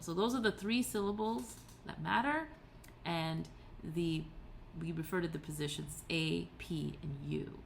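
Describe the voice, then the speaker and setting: This teacher's low, gravelly voice carries a little hiss or hum in the recording. She gives a tutorial lecture, explaining patiently step by step, now and then using fillers and fixing her own wording.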